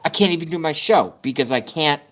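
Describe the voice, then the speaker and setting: Holding his phone camera at arm's length, a man hosts a casual livestream and rants in frustration about his device, swearing as he goes. His voice is a little high, a bit bright, animated and brisk.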